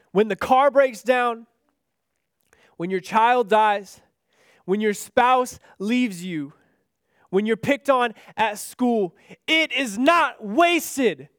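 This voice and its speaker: Male preacher, very high pitch, earnest sermon delivery, dry close sound. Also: no echo. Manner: earnest, building to impassioned pleas then dropping soft.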